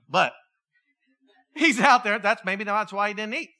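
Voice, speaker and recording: A middle-aged preacher giving a sermon as an animated storyteller who acts out quoted voices and adds jokey asides. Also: medium pitch, a little slow, pauses often.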